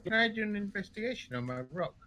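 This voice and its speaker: Quick, lively tabletop player. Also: medium pitch. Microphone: voice call.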